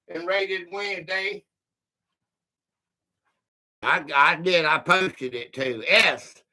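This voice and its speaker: Bright-voiced, slow-talking male quiz host. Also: sits high. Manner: reads out quiz questions, spells and counts letters aloud, greets chat viewers by name; chatty, easily amused. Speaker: quiz game livestream host. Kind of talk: casual live-stream chat.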